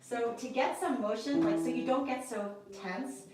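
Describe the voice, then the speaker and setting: A woman's voice: on the high side, moderate pace, very echoey, far from the mic, poor audio. A woman piano teacher giving a one-on-one lesson, patiently explaining step by step and checking that her student understands. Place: indoor room with a piano.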